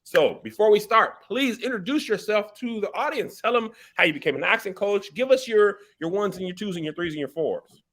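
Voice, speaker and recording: Male host, bright tense tone, playful and chatty. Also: sits high, brisk. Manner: playful, joking and energetic. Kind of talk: casual interview chat.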